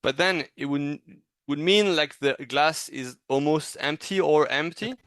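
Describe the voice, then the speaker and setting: A man giving a casual, encouraging animation critique in a thoughtful, halting way. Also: on the high side, fairly bright tone, no echo. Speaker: animation reviewer.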